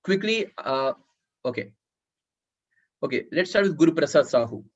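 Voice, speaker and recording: A man's voice: on the high side, lively intonation, normal speed. Man coaching on a dull video call. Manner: instructive, repeats words for note-taking. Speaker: public speaking trainer. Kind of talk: online workshop teaching.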